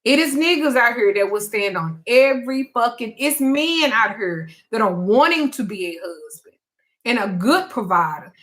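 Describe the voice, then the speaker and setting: A woman hosts a live call-in talk show with a bright, cutting voice that sits fairly high. She tells her story bluntly and profanely, with plenty of animation. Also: expressive, moderate pace. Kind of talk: casual storytelling chat.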